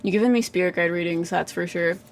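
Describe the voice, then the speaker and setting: A woman's voice: lowish voice, quick pace. A woman giving live psychic readings in a casual livestream chat, full of "like" fillers, frequent laughs and casual swearing.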